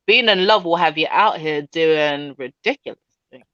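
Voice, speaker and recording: A woman's voice: low voice, moderate pace, a bit bright, no echo. A woman on a live-stream panel, giving frank, opinionated views. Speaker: panel guest. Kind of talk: casual live-stream chat. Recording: dry lo-fi stream audio.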